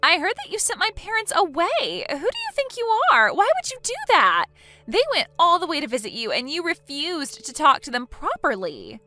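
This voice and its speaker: Tts lady doing a bratty entitled young woman, high and bright, swoops around a lot. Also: big pitch swings, moderate pace, hardly any pauses, faint music behind, exaggerated voice. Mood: indignant. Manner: indignant, self-pitying.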